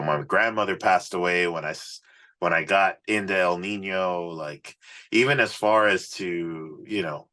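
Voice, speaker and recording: A man, a rock musician guest, telling road stories in a casual, swearing, animated way on a podcast. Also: sits low. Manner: profane, animated storyteller. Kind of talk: casual storytelling interview.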